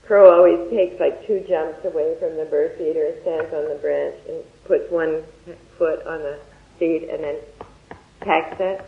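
A Dharma teacher giving a talk in a lively, anecdotal way and closing with a guided meditation. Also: medium pitch, unhurried, vocal fry. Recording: echoey, dull lo-fi room recording.

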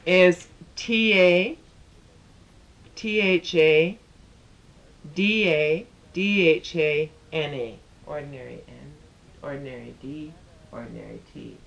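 A teacher leads a pronunciation lesson at a very unhurried pace. Each syllable is spelled out patiently, step by step, and then chanted in steady, rhythmic runs. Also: medium pitch, creaky, dull audio.

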